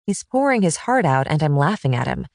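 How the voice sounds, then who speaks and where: A woman narrating a first-person romance audiobook in an expressive, intimate manner. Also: low-pitched, a little fast, dry recording, clean studio sound.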